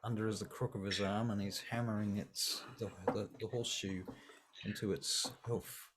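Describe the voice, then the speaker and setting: A man's voice: fairly low pitch, level tone, moderate pace, very noisy. A man running a tabletop game as dungeon master, plainly describing the scene.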